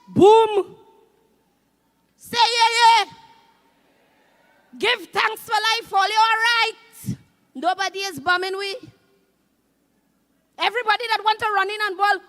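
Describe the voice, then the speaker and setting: Trinidadian woman, fifties, stand-up comic, high bright voice, slow punchy delivery. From Trinidad and Tobago. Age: 50s. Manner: loud, animated, shouting punchlines. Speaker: stand-up comedian. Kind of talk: stand-up comedy on stage. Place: live stage with audience.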